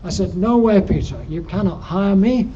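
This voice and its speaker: A man's voice: sits high, moderate pace, dark tone. Older Yorkshire man telling climbing stories. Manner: rambling, dryly humorous, frequent ums. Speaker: guest speaker at alpine club. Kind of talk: anecdotal slide-show talk. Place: lecture room. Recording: dull lo-fi recording with faint noise.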